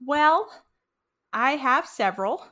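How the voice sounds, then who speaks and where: A woman's voice: high voice, expressive, slow pace, a bit bright. A woman co-hosting a podcast, chatting casually and reacting with exclamations. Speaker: podcast co-host. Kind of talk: casual chat.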